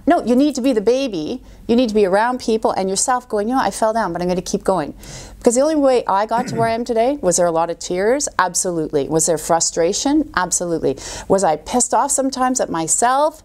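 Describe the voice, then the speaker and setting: Animated middle-aged woman telling stories. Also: fairly high pitch, a little fast. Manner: animated storyteller, acts out quoted voices. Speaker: guest coach. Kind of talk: podcast interview.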